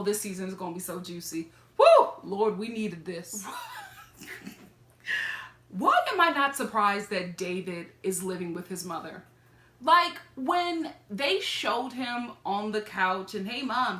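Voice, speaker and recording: A woman's voice: mid-range voice, a bit bright, reverberant. A woman vlogger giving a chatty, sassy review of a reality TV episode, laughing and throwing in asides. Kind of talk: casual gossipy commentary.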